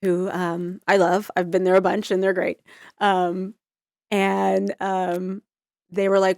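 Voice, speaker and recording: A woman in her forties, an interview guest, telling her story in a loose, rambling, animated way. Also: fairly low pitch, measured pace, vocal fry, dry recording, clean studio sound. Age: 40s. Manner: rambling, full of "like" and restarts, animated.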